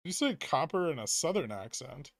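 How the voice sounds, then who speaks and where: A man's voice: on the high side, big pitch swings, moderate pace, no echo. A man hosting a trading livestream, reading viewer messages aloud and answering in a dry, offhand way. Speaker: livestream host. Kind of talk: casual chat reading viewer questions.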